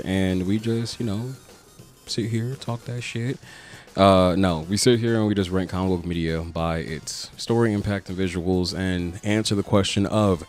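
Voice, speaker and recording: A young man hosting a comic book podcast, narrating a video essay in a casual, joking way with some swearing. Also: low voice. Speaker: podcast host.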